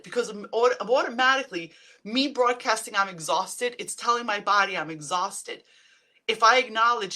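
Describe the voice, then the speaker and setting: A woman's voice: medium pitch, normal speed, sharp tone. A woman talking casually to viewers on a live stream as a stress relief coach, chatty and upbeat, often calling them guys. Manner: acts out quoted self-talk in changed voices.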